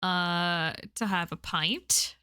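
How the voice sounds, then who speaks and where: Bright-voiced woman streaming a game. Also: fairly low pitch, drawn-out words, clean tone, no echo, studio quality. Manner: playful, swears casually. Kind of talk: casual let's play commentary, reading game dialogue.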